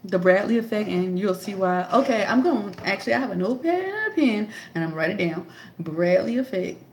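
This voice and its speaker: In an echoey room with a bit of background noise, a woman in her thirties talks briskly into a tablet. Her mid-range voice has lively intonation as she delivers emphatic, sarcastic political commentary full of rhetorical questions.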